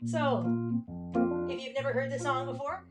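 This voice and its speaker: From her home livestream setup in front of cameras, a Canadian woman hosts a music stream, chatting and joking with viewers between songs. Her voice is high, her tone steady, and she speaks at a normal speed.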